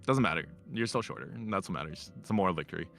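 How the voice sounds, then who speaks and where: A man's voice: low voice, lively intonation, rapid-fire, gravelly, a bit bright, soft background music. A man from Ireland, chatting on a stream and telling stories in a cocky, teasing way. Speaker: collab guest streamer. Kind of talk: casual chat.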